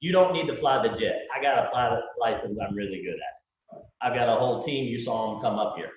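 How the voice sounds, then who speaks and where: Folksy man pitching in an echoey hall. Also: brisk, slight background noise. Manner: folksy, acts out dialogues, fires rhetorical questions. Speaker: business owner presenting to recruits. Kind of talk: live sales pitch to an audience. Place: large event room with live audience. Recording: echoey hall, distant mic, dull lo-fi.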